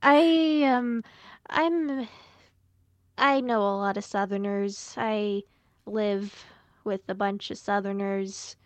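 A woman's voice: mid-range voice, steady tone, slow pace, no room sound. A woman co-hosting a podcast in casual chat, often stammering and repeating words. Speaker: podcast co-host.

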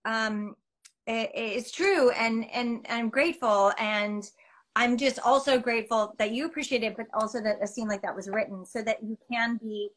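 A middle-aged woman being interviewed as a guest actress over a video call, chatting casually in an animated, self-mocking way with lots of fillers. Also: a little high, moderate pace, low-quality recording.

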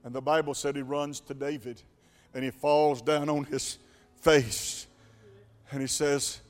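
A man preaching a sermon as pastor, dramatic, swinging from hushed to shouting. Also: on the high side, little pitch movement, measured pace, long reverb tail, soft background music.

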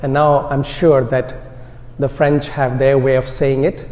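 A man with an Indian American accent preaching an Easter sermon in a church, slow and deliberate, letting his phrases trail off softly. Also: mid-range voice, level tone. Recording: long reverb of a large hall.

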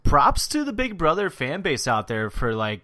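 A man co-hosting a podcast in casual, profane chat, animated and quick to mimic others. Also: on the high side, no echo. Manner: profane, animated, mimics people in funny voices. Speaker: podcast co-host.

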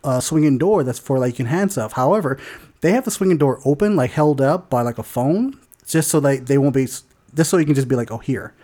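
A man's voice: medium pitch, fairly quick, warm tone. A man telling a story as co-host of a casual podcast, swearing freely, laughing often and acting out other people's voices.

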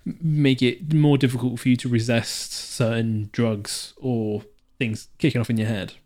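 A man's voice: medium pitch, fairly even intonation, normal speed, darkish tone. Guy on a podcast, rambly, laughs a lot, keeps restarting words. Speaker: podcast co-host. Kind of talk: casual chat.

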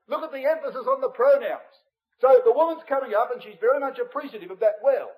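Lively high-pitched man preaching. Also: a little fast, rough recording. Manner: expository, addresses brethren and sisters, varies loudness widely. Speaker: Bible study speaker. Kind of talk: Bible study sermon.

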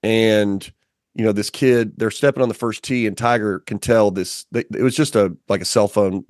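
A man chats as a podcast guest in a fairly low voice, and his story rushes along with plenty of "you know" fillers. The sound is dry and close, with no room echo. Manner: animated storyteller, many fillers. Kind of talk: casual conversation.

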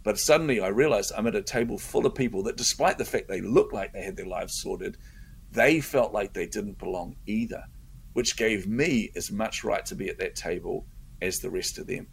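A middle-aged man with a low, gravelly voice spins an animated story as a guest in a conversation. He acts out his own inner voice along the way. A faint hiss sits behind him. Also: moderate pace.

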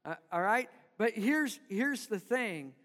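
Man, pastor, sermon, call-and-response, high voice, long church reverb. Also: animated, slow pace, fairly bright tone. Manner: call-and-response preaching, asks the congregation to repeat.

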